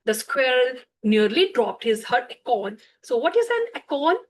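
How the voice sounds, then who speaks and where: Woman reading a bedtime story, high voice, slow and unhurried, stops to explain words, faint hiss behind. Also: big pitch swings, low-quality recording. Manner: slow, explains words for children, frequent fillers and self-corrections.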